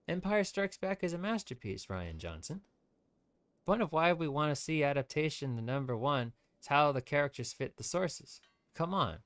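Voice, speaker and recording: A man's voice: on the high side, very animated, moderate pace, fairly bright tone. A man streaming gameplay, ranting with strong opinions in loose, rambling commentary. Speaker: VTuber streamer.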